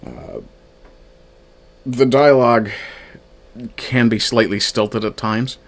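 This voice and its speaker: A man's gravelly, mid-range voice takes things slowly as he casually reviews a fan film. He reads from his own notes and thinks aloud like a media reviewer, with lots of fillers and restarts.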